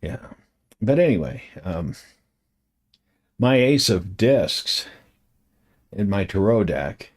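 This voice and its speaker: An older man chats on at his own pace in a rambling home video monologue, drifting from one aside to the next. His voice sits on the low side but swings up and down a lot, with self-deprecating little chuckles. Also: very animated, takes it slowly, pauses often, slightly rough. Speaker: vlogger.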